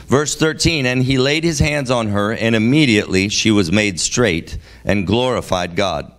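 A man preaching a sermon in a church service. He reads scripture aloud and breaks into emphatic, exasperated commentary that jumps from low reading to loud, high exclamations. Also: moderate pace, hardly any pauses. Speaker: guest preacher.

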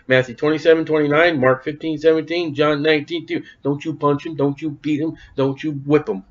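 Male preacher, fairly high voice, folksy and emphatic, dull lo-fi recording. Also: normal speed, a bit bright. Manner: folksy, emphatic, calls out to the congregation. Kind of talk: sermon. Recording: dull lo-fi sound.

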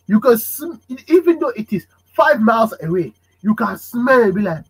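A man hosting a casual podcast chat, animated and fond of acting out parents' voices. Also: very high-pitched, brisk, slightly rough, low-quality recording. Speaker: podcast host.

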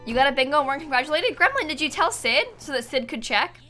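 Fast, forceful, and bright, her high-pitched sing-song voice carries this young woman's casual live-stream chat as she plays a game. She calls out chat names to thank viewers, and music runs underneath.

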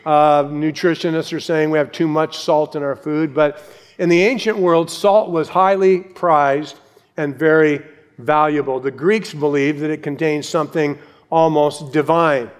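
A man's voice: on the high side, fairly even intonation, unhurried, long reverb tail. A man preaching a sermon as pastor, earnest and emphatic, repeating key phrases for weight. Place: church sanctuary with congregation.

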